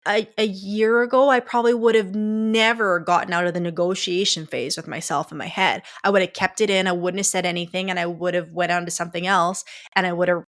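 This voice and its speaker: Her fairly low, slightly bright voice runs a little fast with fairly even intonation and hardly any pauses. She's hosting a coaching podcast alone, chatting directly to listeners as "guys" and peppering her speech with "like" and "you know."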